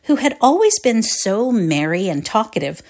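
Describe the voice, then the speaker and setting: A woman's voice: mid-range voice, normal speed. A woman reading a classic short story aloud as narrator in a readers' theatre performance, telling it expressively. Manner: expressive storytelling, lively voicing of quotes.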